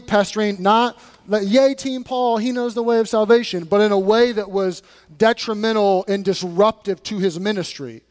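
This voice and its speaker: Male pastor, high voice, emphatic conversational sermon, blunt warnings, long hall reverb. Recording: long reverb of a large room.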